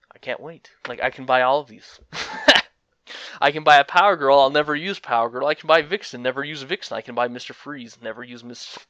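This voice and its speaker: A young man talks through fighting game character skins in a loose, rambling way, full of fillers and chuckles. His voice is bright and forward. The recording is dry and slightly muffled. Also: mid-range voice, dry recording. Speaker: gaming commentator. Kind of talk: casual gaming commentary.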